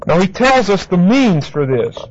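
A man's voice: sits high, very animated, moderate pace, darkish tone, slightly rough. A man preaching a Bible teaching sermon, repeating key words for emphasis and spelling out Greek terms. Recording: dull lo-fi recording with faint hiss.

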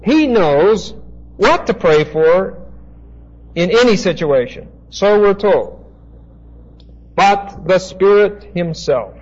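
A man teaching a Bible passage as a preacher, slow and deliberate, pausing to spell out Greek words. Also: high-pitched, a little mellow, highs cut off.

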